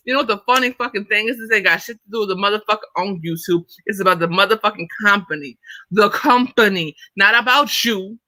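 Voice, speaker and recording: A woman hosting a livestream, ranting in an irritated, profane, confrontational way at a fast and emphatic pace. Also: medium pitch, sharp tone, no echo, rough recording. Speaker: livestream host. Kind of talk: livestream commentary rant.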